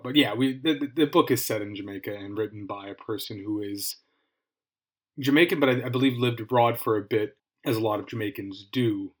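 A man's voice: mid-range voice, a bit bright. A man with an Irish accent hosting a podcast, reviewing a book in a casual, rambling, self-deprecating way with frequent restarts. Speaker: podcast host.

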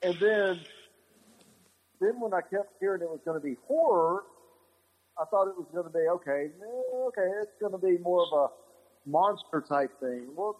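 Male podcast co-host, slightly high and husky, loose and rambling delivery. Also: rough recording. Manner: rambling, with many fillers and restarts. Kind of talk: casual chat.

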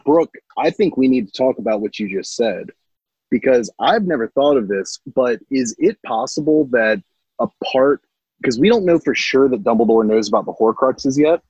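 Man, podcast co-host, husky, animated, swears, dry sound. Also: medium pitch, normal speed, no room sound, lo-fi sound. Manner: animated, swears, jumps into voices. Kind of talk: casual book-club chat.

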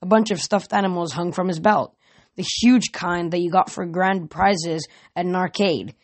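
A man's voice: high-pitched, fairly even intonation, moderate pace. A young man reading a novel aloud as an amateur reader, plain delivery with small slips and restarts.

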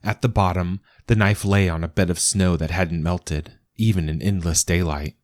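Man narrating a storybook, deep voice, slow, measured, dry close sound. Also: steady tone, no room sound. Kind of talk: scripted narration.

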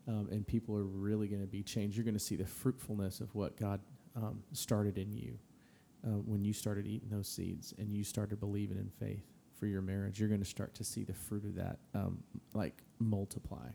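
A man co-hosting a podcast who speaks encouraging words to his guests, hesitating often and pausing with fillers. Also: on the low side, level tone, creaky, warm tone, slight background noise. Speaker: podcast co-host. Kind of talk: casual encouragement.

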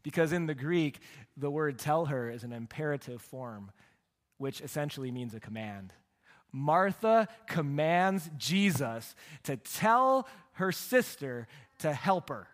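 Animated male pastor in a reverberant hall. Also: on the high side, unhurried. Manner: animated storytelling with humor, swings from loud to hushed. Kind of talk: sermon.

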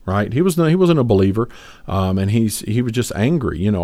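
A man's voice: on the low side, lively intonation, a little fast, warm tone, dry recording. A man co-hosting a podcast, talking about faith in an earnest, rambling way with many fillers and restarts. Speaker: podcast co-host. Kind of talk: casual faith discussion.

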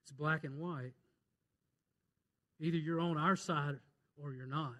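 A male pastor delivers a fervent sermon in a high, bright voice. He quotes scripture and tells jokes, his delivery swinging from loud urgent calls to hushed, pleading lows. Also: fairly even intonation, unhurried.

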